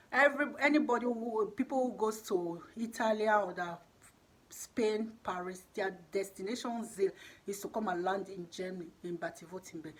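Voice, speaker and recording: A woman's voice: mid-range voice, breathy edge. A woman giving an impassioned, emphatic monologue, exhorting and repeating her points. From Nigeria. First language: Edo.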